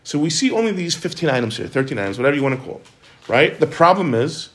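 A man leads an informal Torah lesson at a brisk clip, his voice pitched slightly above the usual male range. He restarts sentences often and weaves Hebrew and Yiddish terms into his English explanations. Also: very animated, a bit bright. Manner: rapid, repeats and restarts words, sprinkles Hebrew and Yiddish terms. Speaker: Torah teacher.

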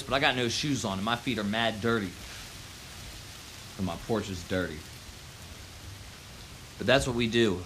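Bright-voiced man ranting profanely. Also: lowish voice, normal speed, pauses often, a little hiss or hum. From Baltimore, Maryland. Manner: heated, profane, repeats "man" and "yo". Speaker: vlogger. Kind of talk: profane outdoor rant. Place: front porch outdoors in the rain.

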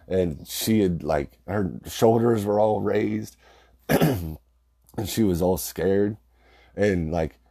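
A man's voice: low voice, a little mellow. A young man casually telling family stories, rambling, swearing and laughing as he goes. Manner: rambling, profane, laughs through his stories. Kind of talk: casual storytelling.

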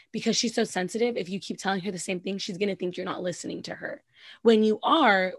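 A young woman in casual chat, giving blunt, animated, profane commentary. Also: mid-range voice, no room sound. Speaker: podcast co-host.

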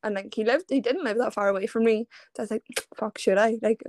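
A woman's voice: on the high side, quick pace, a little mellow, slight background noise. A young Irish woman in her twenties, a podcast guest telling a long casual story and laughing often. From Ireland. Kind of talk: casual chat.

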